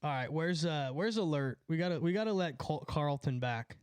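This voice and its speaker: A young man from California rambles through a story in a casual, profane chat, laughing at his own lines. His voice sits a little high for a man. The sound is dry and close, with no room echo. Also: animated, normal speed, smooth. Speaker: streamer.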